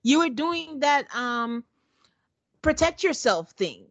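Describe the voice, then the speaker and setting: A woman's voice: sits high, slow pace, no echo. A woman co-hosting a podcast, recapping a reality show in casual chat, laughing often and acting out what people said. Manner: animated, laughing often, acts out quotes. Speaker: podcast co-host.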